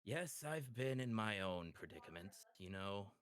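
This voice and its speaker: A man playing a courteous, quietly menacing devilish gentleman with a low voice. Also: lively intonation, measured pace. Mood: composed.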